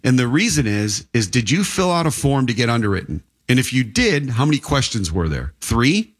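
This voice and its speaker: A man's voice: medium pitch, very animated, a little fast. A man, an insurance agent, chatting casually in an interview and telling rambling stories with frequent restarts.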